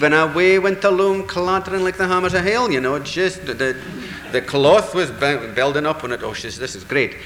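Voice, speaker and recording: A man telling a traditional folk tale in a lively, animated way, acting out the voices in the dialogue. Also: high voice, reverberant, big-room sound, a little hiss or hum, rough recording. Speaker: storyteller.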